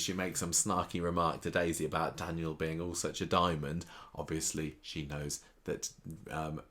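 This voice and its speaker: A man co-hosts a casual podcast, recapping episodes with sarcastic asides and mimicking characters when he quotes them. His voice is deep and a bit bright.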